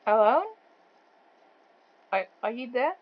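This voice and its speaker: Slow-talking woman interviewer, thick accent. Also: a little high, lively intonation, highs cut off. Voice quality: says she has a thick accent. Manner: blunt, swears freely, laughs often. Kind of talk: casual online interview over voice chat.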